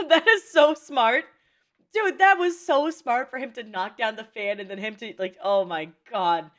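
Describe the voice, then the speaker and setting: A woman reacting to an anime movie in casual, excitable commentary, swearing and laughing often. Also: on the high side, measured pace.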